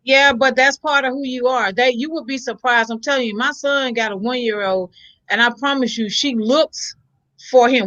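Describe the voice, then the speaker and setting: Woman co-host, high and bright, blunt and profane casual chat, dry lo-fi sound. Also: normal speed, no echo. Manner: blunt, profane storytelling, reads viewer comments.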